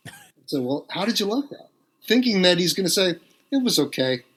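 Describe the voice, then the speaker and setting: A middle-aged man tells a story as a podcast guest, switching into lively voices as he quotes other people. His speaking voice sits on the higher side for a man. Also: brisk, husky. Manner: animated anecdote-telling, quotes others in varied voices. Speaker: guest drummer.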